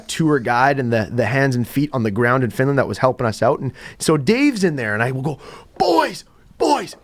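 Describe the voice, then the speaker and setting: A young man hosting a podcast, telling a story in a casual, animated way and acting out what others said. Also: medium pitch. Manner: animated, acts out quotes in exaggerated voices. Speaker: podcast host. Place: indoor studio.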